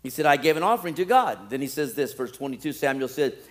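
A male pastor preaching a sermon, animated, swinging from loud pleading to quiet, low asides. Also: quick pace.

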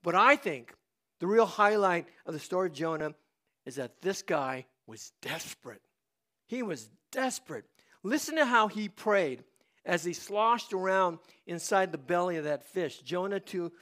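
Older man, pastor, sermon, dramatic, high, bright tone. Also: normal speed. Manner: dramatic, swings from hushed confession to loud shouting. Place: church.

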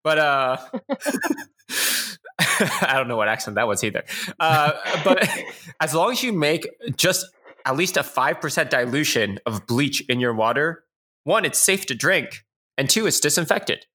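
A man's voice: fairly high pitch, lively intonation, unhurried, sharp tone. A man co-hosting a casual podcast chat, joking and laughing often as he reads out facts. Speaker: podcast co-host.

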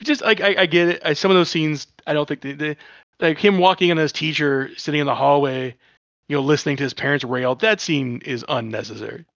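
A man co-hosting a podcast, talking quickly and excitably with strong opinions. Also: a little high, vocal fry, no room sound. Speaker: podcast co-host. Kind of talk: casual chat. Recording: dull dry lo-fi mic.

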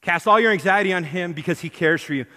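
A man's voice: sits high, quick pace, sharp tone. A man preaching a sermon to his congregation, emphatic, asking them questions and acting out the lines he quotes. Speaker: pastor. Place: church hall. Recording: long hall reverb.

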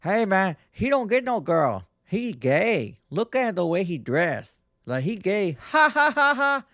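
A man putting on a loud, cackling Filipino stranger. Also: high-pitched, sing-song, measured pace, dry recording, studio quality, pitched above the performer's own voice, exaggerated voice. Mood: mocking. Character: brash loudmouthed male stranger from the Philippines.

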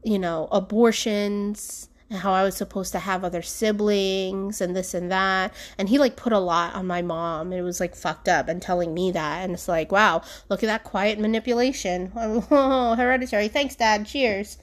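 A young adult woman hosts a solo podcast alone at home, speaking in a mid-range voice at a moderate pace with fairly even intonation and few pauses. She talks candidly and rambles, full of fillers and bursts of laughter.

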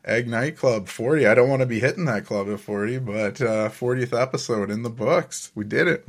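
A man's voice: mid-range voice, moderate pace. A man hosting a casual solo podcast, telling stories in a laid-back way, often chuckling and swearing casually. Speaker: podcast host.

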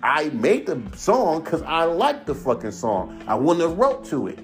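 A man's voice: on the high side, wildly swooping pitch, unhurried, faint music behind. A man in his thirties rants in a heated, profane, rambling way on a casual podcast. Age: 30s. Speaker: podcast host, rapper. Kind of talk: casual ranting monologue.

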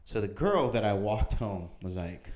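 A young man in his twenties telling a wild party story in casual chat, animated and laughing, acting out the people in it. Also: lowish voice, moderate pace. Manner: animated, laughing, acts out voices in quotes.

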